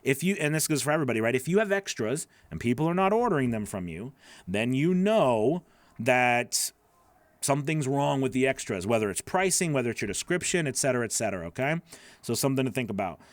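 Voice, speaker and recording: A man's voice: medium pitch, animated, fairly quick, dry recording. A man coaching voice-over artists, reviewing their work live in a chatty, encouraging way with lots of fillers.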